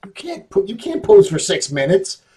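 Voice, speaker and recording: Male host, relaxed and matter-of-fact, a bit high in pitch. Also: moderate pace, breathy edge. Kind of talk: casual chat.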